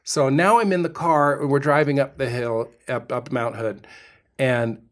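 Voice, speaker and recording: A middle-aged man co-hosting a podcast, telling a story with animated, dramatic delivery. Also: medium pitch, unhurried. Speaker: podcast co-host. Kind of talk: storytelling chat.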